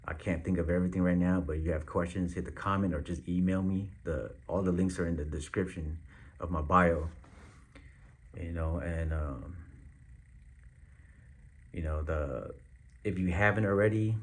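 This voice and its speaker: A man with a very low voice speaks straight to his viewers in a relaxed vlog. His talk is slangy and loose, with frequent pauses and fillers as he thinks aloud. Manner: laid-back, slangy, halting with many fillers. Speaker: vlogger. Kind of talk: casual direct-to-camera update.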